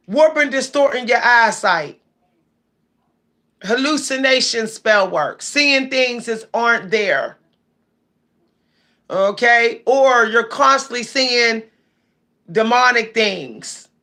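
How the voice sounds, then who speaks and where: A woman's voice: fairly high pitch, sharp tone. A woman with hosting a casual livestream, chatting and reading viewer comments aloud. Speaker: livestream host.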